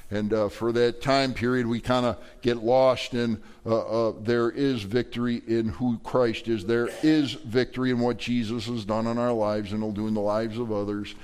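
Male pastor, middle-aged, animated folksy sermon delivery, mid-range voice. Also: mid-range voice, normal speed, few pauses, smooth. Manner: folksy, animated preaching with playful asides.

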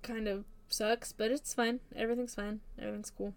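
A young woman co-hosting a podcast in casual chat, self-deprecating and halting, often trailing off and starting over. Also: fairly high pitch, little pitch movement, clear, resonant tone. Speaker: podcast co-host.

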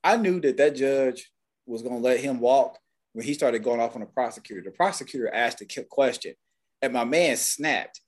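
A man's voice: mid-range voice, moderate pace. A man co-hosting a podcast, talking in a blunt, heated and profane way. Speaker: podcast co-host. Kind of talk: casual opinionated chat.

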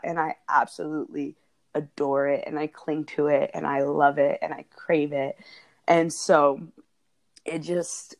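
A woman's voice: low voice, little pitch movement, unhurried, gravelly, a little mellow. A woman co-hosting a podcast, talking in a casual, earnest and heartfelt way, often laughing as she speaks. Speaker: podcast co-host.

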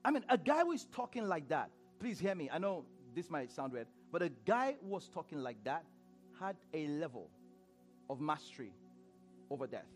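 A man preaching a sermon in church, animated, laughing often and repeating phrases as he questions the congregation. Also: on the high side, moderate pace, soft background music.

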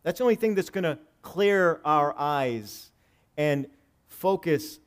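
A male pastor preaching a sermon, swinging between loud emphatic lines and hushed low ones, reading scripture and explaining it conversationally. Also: animated, slow pace, clean tone. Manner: reads scripture aloud and paraphrases it conversationally.

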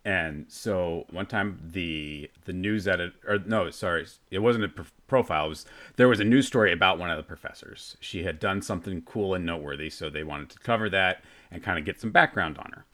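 A young man hosting a casual podcast, telling a story with a fairly low voice. He rambles, backtracks and corrects himself as he goes. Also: a little fast, fairly bright tone. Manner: rambling, self-correcting, laughing. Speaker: podcast co-host.

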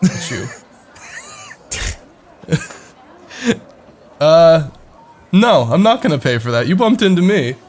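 A man's voice: on the high side, very animated, slow, pauses often, darkish tone. A man playing a tabletop game, joking and blunt. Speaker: player. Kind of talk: casual game chat.

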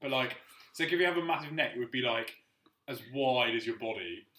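Fast-talking man in an echoey room. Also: mid-range voice. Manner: animated, argumentative, swears casually. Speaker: podcast co-host. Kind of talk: casual chat.

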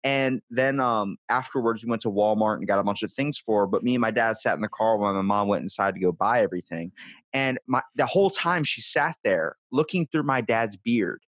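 A man's voice: fairly low pitch, brisk, no room sound. Casual, profanity-heavy man telling stories, dry close sound. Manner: swears freely, animated rambling storytelling. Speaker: podcast host. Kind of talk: casual conversational chat.

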